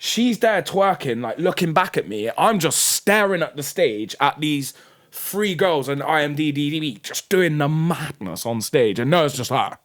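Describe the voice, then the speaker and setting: A man's voice: fairly high pitch, moderate pace. A young man, co-hosting a podcast in casual chat and telling stories with lots of slang and swearing. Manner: animated storytelling with slang, swearing and acted-out voices. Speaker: podcast co-host.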